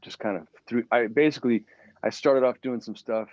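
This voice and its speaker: A man's voice: mid-range voice, brisk, darkish tone, no room sound, lo-fi sound. A middle-aged man, a guitarist guest, chatting casually in an interview and telling stories with many fillers and restarts.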